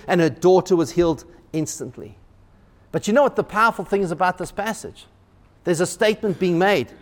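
A male pastor preaching a sermon in a church, animated, often repeating words and acting out quotes. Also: high voice, long reverb tail.

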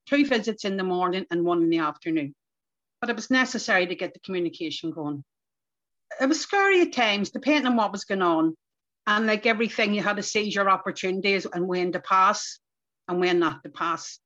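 An older Northern Irish woman, a community activist being interviewed, tells lively stories from her past in a relaxed, reflective way, full of local turns of phrase. Her voice is mid-range and fairly quick. The podcast recording sounds dull and lo-fi.

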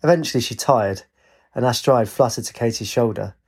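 Husky male storybook narrator. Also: medium pitch, fairly quick.

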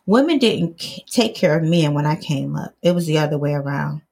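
A woman from Detroit reads her memoir aloud in a low voice. Her tone is gravelly and husky. She is earnest and personal, and she slips into casual asides between passages. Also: lively intonation, moderate pace, a little mellow. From Detroit, USA. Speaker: author reading her memoir.

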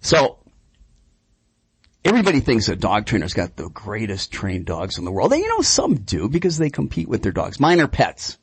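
Man, radio show host, chatty storyteller, husky voice, dry close studio sound. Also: fairly low pitch, wildly swooping pitch, normal speed, dry recording. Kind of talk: radio call-in show talk.

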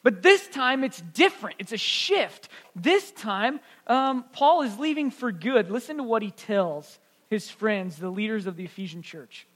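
Guy pastor with a really high voice, storytelling sermon, long church echo. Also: lively intonation, unhurried, fairly bright tone. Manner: storytelling, earnest and conversational.

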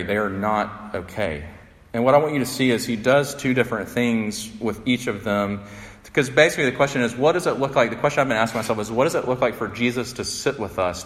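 A man's voice: fairly low pitch, big-room sound. A man preaching a conversational, earnest sermon as a pastor. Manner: earnest, conversational, voice rising when acting out quotes.

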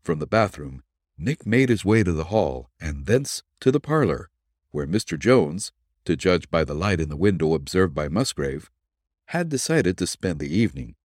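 A man narrating an old detective serial for a podcast, in measured storytelling with lively inflection. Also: low-pitched, dry recording, studio quality. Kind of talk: dramatic audiobook narration.

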